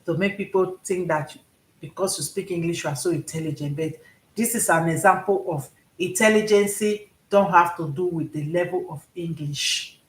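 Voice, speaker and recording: A woman's voice: on the low side, normal speed. A woman with a Nigerian accent giving casual, rambling commentary and often checking that listeners understand. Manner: rambling, repeats herself, asks "you understand?". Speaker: commentary vlogger. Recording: roomy echo.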